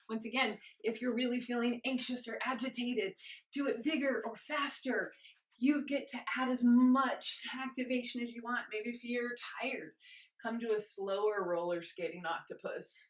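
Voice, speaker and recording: A young woman leading a guided movement class, encouraging and gentle, a little out of breath as she moves. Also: fairly high pitch. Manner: encouraging, gentle, invites choices. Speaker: movement instructor. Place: home room with carpet.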